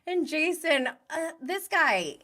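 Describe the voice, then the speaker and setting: A woman's voice: high voice, very animated, slow pace, bright, forceful tone. A young woman casually recapping a reality show, chatty and giggly, acting out the cast's lines. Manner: chatty, giggly, acts out quotes.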